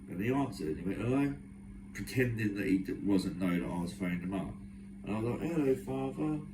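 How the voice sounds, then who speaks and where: A man's voice: lowish voice, distant mic, noisy background. A young man talking to camera in a long, agitated, aggrieved monologue that runs on from one complaint to the next. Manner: aggrieved, agitated, run-on storytelling. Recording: echoey room, voice away from mic.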